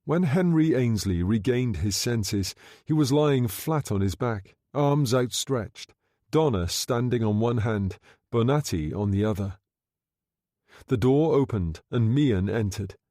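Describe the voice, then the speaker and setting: Man with a dark, mellow reading voice. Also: medium pitch, no echo, clean studio sound. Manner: steady, measured reading. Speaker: narrator. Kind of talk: audiobook narration.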